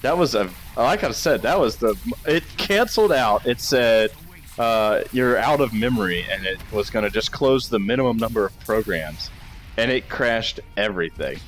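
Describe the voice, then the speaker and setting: A man's voice: medium pitch, animated, moderate pace, soft background music. A man chatting casually in voice chat, laughing easily and using plenty of 'like' fillers. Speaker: gamer in voice chat.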